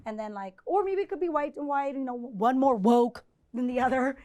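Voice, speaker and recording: Woman professor, high voice, live lecture with audience questions, chatty and animated, keeps asking "right?". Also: normal speed. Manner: conversational, often checks in with 'right?'; animated, acts out quoted exchanges. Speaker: visiting professor giving a presentation.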